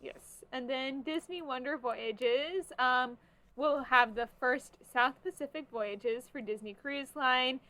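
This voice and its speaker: A young woman with a somewhat high voice co-hosts a casual podcast. She talks in a chatty, animated way, peppered with fillers. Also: slow. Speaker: podcast co-host. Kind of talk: casual chat.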